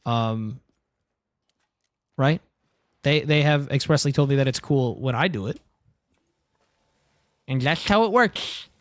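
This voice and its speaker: A man's voice: mid-range voice, animated, slow pace, pauses often, dry recording, clean studio sound. Crude joking young male streamer. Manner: crude, joking, says dude a lot. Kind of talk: casual livestream chat while gaming. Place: home room.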